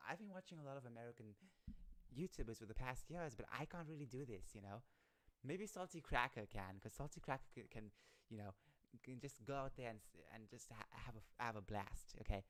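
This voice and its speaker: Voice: mid-range voice, lively intonation, brisk, fairly bright tone. A live streamer chatting casually and reading satire articles aloud, often stumbling over words and laughing.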